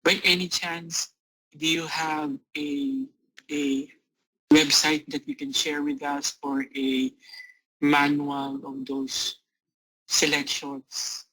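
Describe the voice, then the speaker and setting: A man's voice: on the high side, little pitch movement, slow, sharp tone, low-quality recording. A man in the audience hesitantly asking for a reference source. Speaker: audience member.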